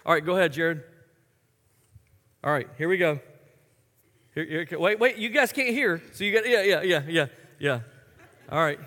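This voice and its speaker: A man leading a group game for an audience, talking in a playful, chatty way with halting restarts and frequent laughs. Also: fairly high pitch, lively intonation, a bit bright. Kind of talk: live talk to an audience. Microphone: handheld microphone. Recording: echoey hall with long reverb.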